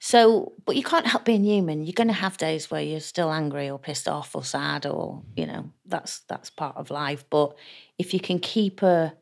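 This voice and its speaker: A woman's voice: deep voice, moderate pace, gravelly. A woman guest in a candid interview, talking chattily and acting out the voices of people she quotes. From England.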